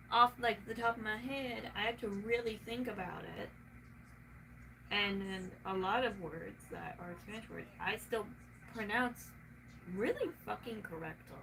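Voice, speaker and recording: A woman with a Southern US accent chats casually, rambling from one thought to the next and swearing often. Her voice sits a little back from the microphone, and steady background noise runs under it. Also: on the high side, unhurried, gravelly. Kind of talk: casual chat. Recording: noisy room, mic at a distance.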